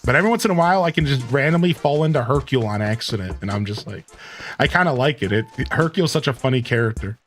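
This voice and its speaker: A man's voice: mid-range voice, lively intonation, quick pace. A man streaming a retro video game, chatting casually and joking with viewers as he plays. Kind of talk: casual gameplay commentary.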